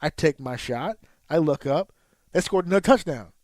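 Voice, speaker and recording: Here a man in his thirties, co-hosting an informal podcast, gets loud and sweary over a sports anecdote, his voice jumping up when he's excited. It's a dry recording delivered at a moderate speed.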